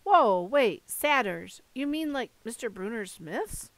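A woman's voice: a little high, animated, slow pace, no echo. A woman voicing a blunt, startled young boy who questions everything, in an audiobook reading. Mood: incredulous. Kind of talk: audiobook character voice.

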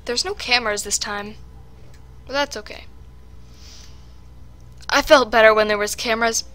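A woman's voice: fairly high pitch, moderate pace, pushed and bright. A woman giving casual let's-play commentary on a horror game, jittery and talking straight to her viewers. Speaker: gaming commentator.

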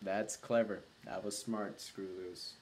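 A man's voice: lowish voice, fairly even intonation, slight background noise. A man hosting his own video show, chatting casually and mocking himself while he reads out viewers' comments, recorded on a laptop's built-in mic. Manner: rambling and self-mocking, slow-paced. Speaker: show host. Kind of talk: casual unedited video chat.

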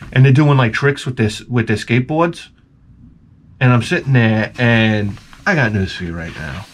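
A man's voice: medium pitch, a little hiss or hum. A middle-aged man vlogging, telling rambling, profane stories in a casual monologue. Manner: rambling, profane, animated storytelling.

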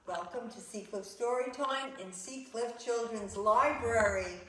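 A woman reading a picture book aloud in a children's library, coaxing a child with slow questions. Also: fairly high pitch, background noise. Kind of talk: children's story time reading. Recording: echoey room, mic far off.

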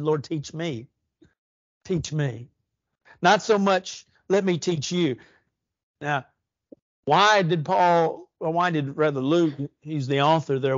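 Male preacher, sermon, earnest, higher voice, dry close sound, slightly muffled. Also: no room sound. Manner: earnest, rising emphasis and slow drawn-out stresses. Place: church.

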